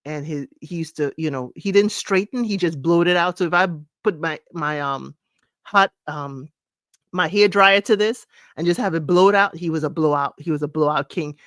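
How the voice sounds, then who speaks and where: A woman's voice: sits low, normal speed, fairly bright tone, no room sound, clean studio sound. A middle-aged woman hosting a casual talk show, chatting about music, singing bits of songs and laughing often. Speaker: podcast host. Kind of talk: casual chat counting down music.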